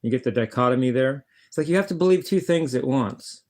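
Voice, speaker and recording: Expressive and brisk, the guitarist's darkish, mid-range voice carries a rambling, casual talk aimed at the camera. He swears bluntly and stumbles often, repeating words and beginning sentences again.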